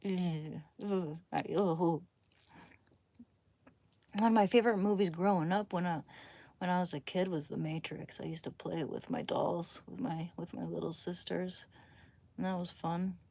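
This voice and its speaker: Speaking into a phone during a late-night home livestream, a young woman rambles playfully and keeps lowering her voice to avoid waking her family. Her lowish voice is steady in tone, with vocal fry and a moderate pace, and there's no room sound.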